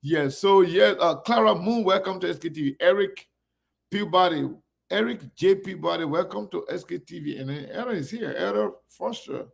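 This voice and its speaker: A man's voice: high-pitched, moderate pace. A man hosting a casual live-stream, greeting viewers one by one by name. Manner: gravelly. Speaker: online show host.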